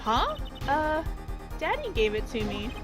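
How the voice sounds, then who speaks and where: A woman's voice: sits high, huge pitch swings, unhurried, music in the background, exaggerated voice. A woman voicing a cheerful teenage girl magician in a video game, squealing and bubbly.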